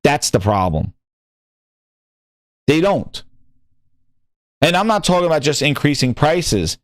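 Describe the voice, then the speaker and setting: A man runs a gaming news show, and he is angry about it, swearing and tripping over his words as he rants. His voice sits a little high. It comes across dry and close, with no room sound. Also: sing-song, slow, no echo. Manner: heated, swearing, repeats words when worked up. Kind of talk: ranting commentary.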